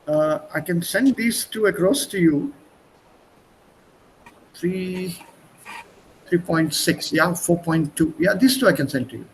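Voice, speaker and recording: A man with a fairly high voice runs an online language class. He is chatty, often repeats his words and shifts from one language to another mid-thought. Faint room ambience sits behind his video-call audio. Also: slow pace, long pauses, a little hiss or hum, low-quality recording. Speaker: teacher.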